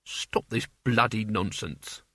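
A man voicing a gruff, irritable old male wizard who snaps his words bluntly and impatiently, in a storybook reading. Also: fairly low pitch, takes it slowly, pushed and bright, dry recording, voice pushed down, exaggerated voice.

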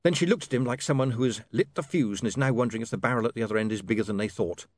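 A man narrating a novel as an audiobook reader in measured storytelling. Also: medium pitch, dry recording. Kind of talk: scripted narration.

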